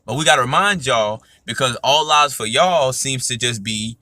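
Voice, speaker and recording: An emphatic man talks through a casual podcast monologue. His voice is bright and forceful, sits at a medium pitch, and is recorded close and dry. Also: normal speed, no echo. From United States. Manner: emphatic, repeats "you know what I'm saying". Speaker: podcast host.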